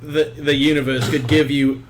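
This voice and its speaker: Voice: medium pitch, little pitch movement, moderate pace, reverberant. A tabletop game player cracking sarcastic jokes with frequent laughter. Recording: loud background noise.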